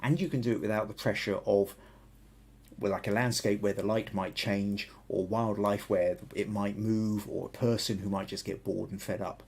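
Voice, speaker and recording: A man's voice: on the low side, fairly even intonation, normal speed, creaky, darkish tone, breathy edge. A man with a Southern English accent hosting a live photography podcast, explaining ideas thoughtfully and often restarting his sentences. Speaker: podcast host.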